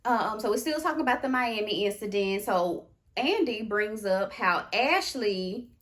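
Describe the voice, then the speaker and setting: A woman giving casual, sassy commentary on a reality TV show, expressive and exclamatory. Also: medium pitch, normal speed. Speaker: reality TV recap vlogger.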